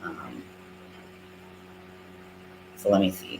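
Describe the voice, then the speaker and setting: A man's voice: low-pitched, unhurried, long pauses, background noise. A man with a Southern American accent, chatting casually and rambling with lots of fillers while he crochets on a live stream. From Southern United States. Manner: rambling, filler-heavy, self-deprecating.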